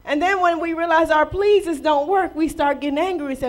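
High-voiced woman preaching a lively sermon. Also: brisk. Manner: lively preaching with rhetorical questions and playful acted quotes. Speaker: pastor.

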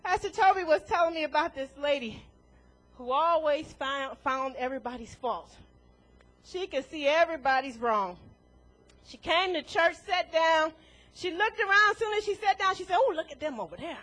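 A woman delivers a sermon in a very high voice. She preaches in an animated way, laughs often and acts out the voices she quotes. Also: moderate pace, poor audio.

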